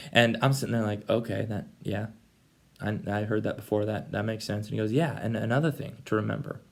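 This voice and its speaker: A man's voice: medium pitch, creaky. A young man hosting a casual devotional vlog, talking animatedly and acting out both sides of conversations. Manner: animated, acts out dialogue with voices. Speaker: vlogger.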